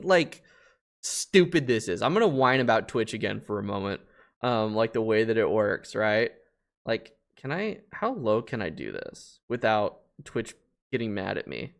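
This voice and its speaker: A man streaming a space game, talking casually over his play, swearing a lot and getting loudly frustrated. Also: medium pitch. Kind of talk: casual live-stream gameplay commentary.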